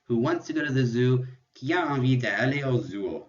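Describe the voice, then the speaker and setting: A man teaching a French lesson in a recorded lecture, patiently explaining and repeating examples slowly. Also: mid-range voice, expressive, muffled recording.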